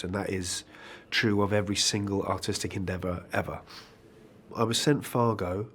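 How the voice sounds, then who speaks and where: A man's voice: fairly low pitch, slight background noise. An actor answering interview questions about his work in a thoughtful, conversational way, with dry self-deprecating asides.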